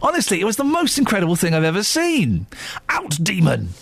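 A man hosting a radio phone-in, joking and telling animated stories. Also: high-pitched, fast talker, no echo. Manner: jokey, animated storyteller. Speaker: radio host. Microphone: studio microphone.

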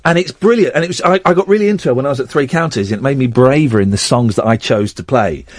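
A man's voice: medium pitch, fast, no room sound, studio quality. A man hosting a late-night radio chat show, rambling and restarting his sentences as he talks. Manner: rambling, stumbles and restarts often. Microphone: studio microphone.

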